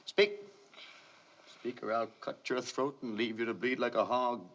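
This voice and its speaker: An actor playing a menacing preacher who hunts children, drawling slow, preachy threats in a 1950s film scene, heard on dull archival sound. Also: male voice, medium pitch, fairly even intonation, fairly bright tone, slight background noise, lightly acted. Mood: threatening.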